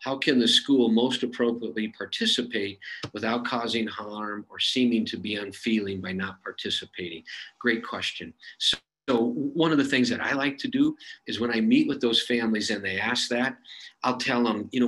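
A man's voice: on the low side, moderate pace, fairly bright tone, rough recording. A man answering audience questions in a webinar, speaking earnestly, with frequent fillers and restarts. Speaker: suicide prevention expert answering audience questions. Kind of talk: webinar Q&A, conversational.

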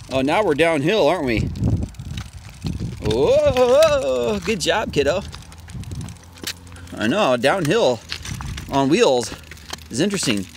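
A man outdoors on a street, filming his dog on a walk with a phone and coaxing it along in high sing-song praise and hummed "do do do" tunes. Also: slight background noise. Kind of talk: sing-song pet talk.

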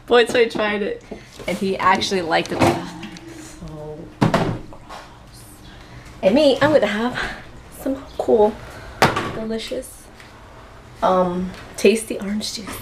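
A woman talks slowly and playfully to camera as a mom vlogger. She slips Spanish phrases into her English, with faint room noise underneath. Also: mid-range voice. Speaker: vlogger and mother. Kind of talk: casual daily vlog chat.

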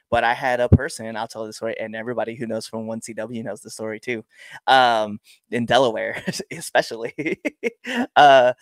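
Young male wrestler guest, lively storyteller, dry close mic. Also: no echo. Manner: animated storyteller, acts out crowd exchanges with big pitch jumps. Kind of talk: casual storytelling interview.

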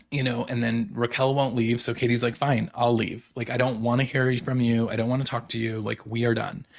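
A young man casually recapping reality TV, excitable and full of filler words. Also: mid-range voice, gravelly. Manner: excitable, lots of "like" fillers, quotes people in paraphrase. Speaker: podcast host recapping reality TV.

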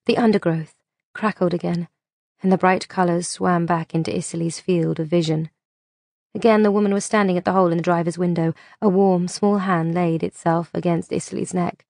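A woman reading a novel aloud as an audiobook narrator, in a steady, measured way. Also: lowish voice, gravelly, no echo, studio quality.

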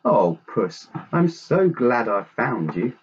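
A man's voice: mid-range voice, very animated, slow pace. An old grandfather in a storybook, fond of his cat and easily flustered, exclaiming with a lot of swing in his voice, as a man reading aloud puts him on. The sound is dull and lo-fi, with a faint hiss underneath. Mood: overjoyed.

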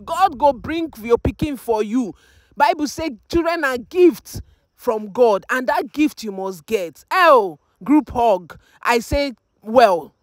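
A Nigerian woman tells the story in a high voice that keeps breaking into exclamations. The sound is dry and close, with no room around it. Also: no room sound. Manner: exclaiming, mixes Pidgin into English. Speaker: mother narrating her birthday. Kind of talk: emotional voice-over narration.

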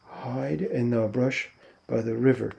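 A big, childlike farmhand speaking timidly and plaintively, voiced by a man reading a novel aloud. The voice is dark and gravelly. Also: medium pitch, slow pace.

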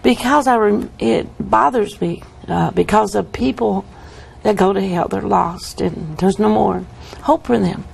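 A woman's voice: medium pitch, unhurried, creaky, darkish tone, slight background noise. A woman guest giving an earnest, vivid testimony in an interview.

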